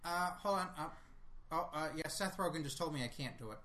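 A woman doing a comedic impression of a young male Canadian actor, with a dry, offhand, deadpan delivery full of self-promoting asides. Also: deep voice, fairly quick.

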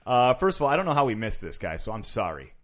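A man's voice: fairly low pitch, quick pace. A man co-hosting a comedy podcast, wryly reading out mock news headlines and retelling a story. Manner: wry, animated, reads mock headlines. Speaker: podcast co-host.

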